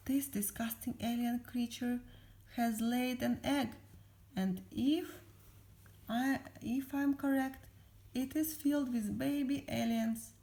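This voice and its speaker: Woman reads an eager, shrill storybook sponge boy, raised pitch. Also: fairly even intonation, slow pace, dark tone. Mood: excited. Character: excitable, eager young male sea sponge. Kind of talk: reading a storybook aloud.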